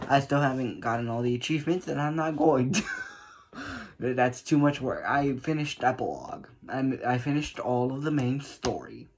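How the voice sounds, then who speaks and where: Guy rambling about a game he loves, laughs a lot, gets worked up, mid pitch. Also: lively intonation, moderate pace, slight background noise. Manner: chatty and emotional, laughs often; rambling with restarts. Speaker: gaming vlogger. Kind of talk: casual monologue.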